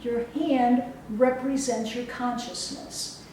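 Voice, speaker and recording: A woman coach giving a motivational talk and leading a guided exercise with slow, emphatic, soothing instructions. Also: fairly high pitch, steady tone, dark tone. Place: event hall. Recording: roomy echo from far off, faint noise.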